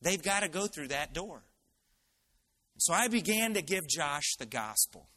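A male pastor telling a personal story in an animated sermon. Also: fairly high pitch, measured pace.

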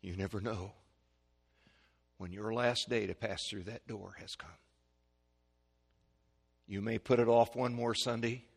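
A male preacher giving a sermon, swinging from hushed, slow pleading to loud, high-pitched shouts. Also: steady tone, creaky. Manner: dramatic swings from quiet to shouting.

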